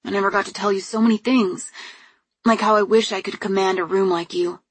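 A woman's voice: medium pitch, fairly even intonation, fairly quick, slightly rough, close to an everyday voice. A woman reading the lines of an earnest, vulnerable young man in an audiobook.

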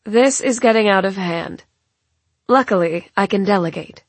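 A woman's voice: mid-range voice, normal speed, slightly rough, no echo, lightly acted. A woman voicing Chief Elena, icy villain. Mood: mocking. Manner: scornful, icy and mocking. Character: cold, cruel woman chief, a ruthless villain.

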